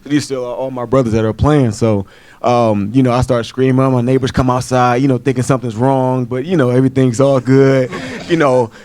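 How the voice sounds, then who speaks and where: A man in his twenties with a mid-range voice tells a casual story to a panel audience. He is animated and laughs as he talks. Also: mid-range voice, fairly quick, dry recording. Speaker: former college football player on a panel.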